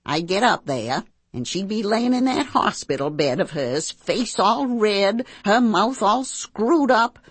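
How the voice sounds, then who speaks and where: A blunt, earthy housekeeper in her sixties, as a woman reads her part, telling her tale in first-person audiobook narration. Her husky voice sits low but rises and falls with lively swings as she spins her salty, plain-spoken rural talk. The sound is close and dry. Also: slow pace, dry recording. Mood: wry.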